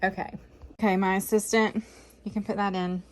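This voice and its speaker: A woman's voice: mid-range voice, level tone, moderate pace. A middle-aged woman, chatting folksily and joking at herself as she cooks in her home kitchen. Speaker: vlog host cooking. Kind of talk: casual cooking vlog chat.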